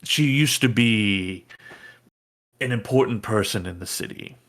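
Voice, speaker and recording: Man playing a low-voiced, slow, evasive old apprentice, hedging every answer. Tabletop game. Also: a bit bright. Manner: hesitant, full of "I mean". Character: man, former student of a mage, evasive and rambling.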